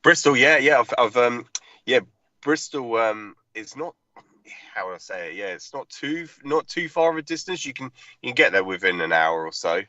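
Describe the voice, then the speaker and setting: Bright-voiced agreeable man on a call. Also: mid-range voice, lively intonation, dry recording, muffled recording. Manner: agreeable, many quick yeahs. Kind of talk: casual chat.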